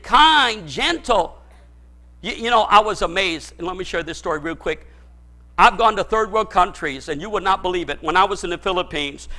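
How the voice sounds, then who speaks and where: A man preaching a sermon as pastor, speaking directly to his congregation and repeating his points with emphasis that builds to shouts. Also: high voice. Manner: folksy, addresses the congregation directly.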